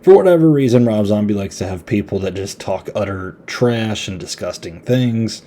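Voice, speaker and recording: A man's voice: lowish voice, animated, normal speed, dark tone. A man hosting a podcast, giving a casual, rambling horror movie review in a laid-back, chatty way. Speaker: podcast host.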